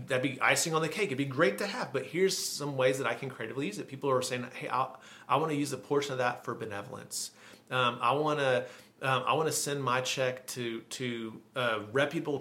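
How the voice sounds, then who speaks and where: Guy pastor giving a sermon, chatty and relaxed, restarts phrases a lot, mid-pitched voice. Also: a little fast. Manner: conversational, repeats words as he restarts phrases.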